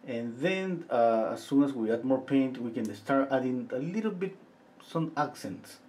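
A middle-aged man giving a live painting lesson, thinking aloud as he works, pausing often and chatting with viewers between steps. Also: medium pitch. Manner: relaxed, thinking aloud while he paints, with frequent pauses and fillers. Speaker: painting instructor.

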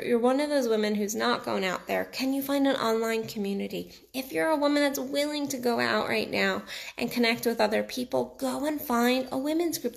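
A woman's voice: fairly high pitch, vocal fry. A woman coach with a mixed New York and Texas accent, giving a blunt, casual motivational talk straight to her viewers. She swears freely and repeats lines for emphasis. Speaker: sex and relationship coach. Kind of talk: motivational direct-to-camera talk.

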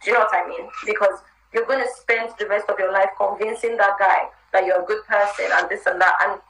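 A woman with an American accent talks candidly as a guest in a live chat interview. Her voice is bright and fairly high. The room sounds roomy, with faint hiss behind her. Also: steady tone, fairly quick, gravelly. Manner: candid, chatty, advice-giving. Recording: roomy live stream audio.

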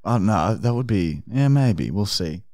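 A man hosting a podcast in relaxed, casual chat. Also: on the low side, a little slow. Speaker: podcast host.

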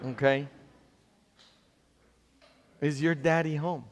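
A man's voice: a little high, fairly even intonation, slow. A man with a Polish accent, a pastor preaching a sermon in a church and earnestly asking the congregation questions. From Poland. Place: large church. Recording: long church hall reverb.

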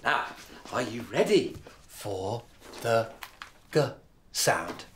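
An older man plays a grandfather cheerfully coaching his dog through letter sounds, in a garden outdoors and inside the house. He sounds encouraging and teacherly, speaking extremely slowly at medium pitch with lively intonation, over a little hiss or hum.

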